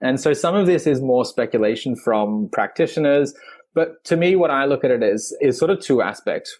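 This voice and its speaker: A man with a mid-range voice, a guest on a podcast interview. He explains at length in a reflective, easygoing way and now and then lets out a soft laugh. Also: mid-range voice. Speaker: guest, physical therapist and breathwork teacher.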